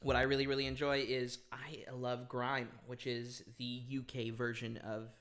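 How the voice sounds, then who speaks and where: A man's voice: mid-range voice, normal speed. Chatty young man full of ums. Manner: animated, laughs often, many ums and restarts. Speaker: podcast guest. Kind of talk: casual chat.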